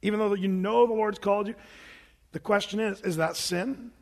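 A middle-aged man with a notably high voice preaches a sermon, spinning a personal story with animated asides and quick character voices. His words echo with a long reverb, as if spoken in a large hall. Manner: animated, acts out voices of family members. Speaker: pastor.

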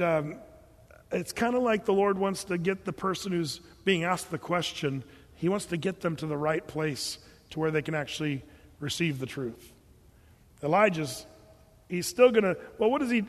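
A man preaching a sermon, joking and acting out the voices he quotes. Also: high-pitched. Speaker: pastor. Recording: long hall reverb.

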